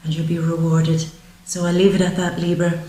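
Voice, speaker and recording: A woman giving a spoken psychic tarot reading, gentle, earnest and emotional, often slowing down. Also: lowish voice, flat delivery, roomy sound, a little hiss or hum, low-quality recording. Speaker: tarot reader.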